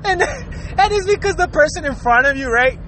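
A man's voice: very high-pitched, expressive, moderate pace, bright, forceful tone, slight background noise. A man hosting his own show, rambling through a profane comic rant and laughing between lines, often repeating and restarting words. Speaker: podcast host. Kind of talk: casual comedic rant.

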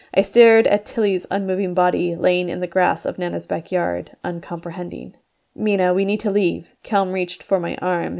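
A woman with a low, gravelly voice reads her own novel aloud in the first person. Her delivery is measured, and she lifts her voice when the characters cry out. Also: a little mellow. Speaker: author reading her book. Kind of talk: audiobook-style narration.

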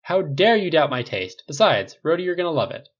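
A man's voice: on the high side, very animated, brisk, muffled recording, voice pushed up. A man doing a theatrical wisecracking rich guy. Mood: showy. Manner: theatrical, boastful.

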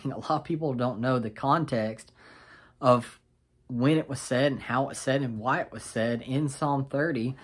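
Man, mid-pitched, casual video Bible teacher, chatty and explanatory. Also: normal speed. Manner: conversational, explains and paraphrases with a chuckle.

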